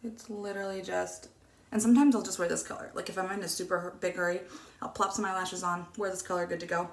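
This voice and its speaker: A woman chatting casually through a makeup tutorial, rambling and dropping into soft muttered asides. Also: fairly low pitch, steady tone, quick pace. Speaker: beauty vlogger. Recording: echoey room.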